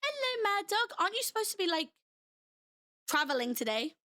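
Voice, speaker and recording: Young woman from Britain, high bright voice, blended British-American-Australian accent, bubbly and giggly, casual stream chat. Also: big pitch swings, brisk. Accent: mixed British, American and Australian. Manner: giggly and bubbly, laughs often. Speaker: livestreamer.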